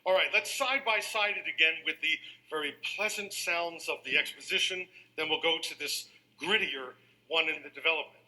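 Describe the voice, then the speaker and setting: A man giving an animated music lecture to a live audience, leading them in counting beats and singing rhythms. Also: a little high, moderate pace, hardly any pauses, low-quality recording.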